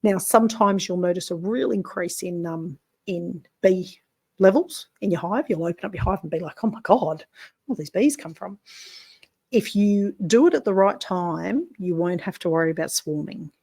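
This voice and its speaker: A woman beekeeper talks through spring hive work in a chatty, frank way, with some casual swearing. Her voice is low and gravelly. The sound is close and dry. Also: normal speed, warm tone, dry recording. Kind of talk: casual how-to vlog.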